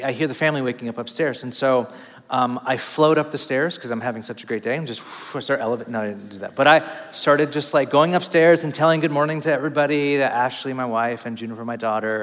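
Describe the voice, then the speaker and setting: A man in his thirties preaching a conversational sermon, an animated, self-deprecating storyteller with casual fillers. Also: medium pitch. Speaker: pastor. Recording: long reverb of a large hall.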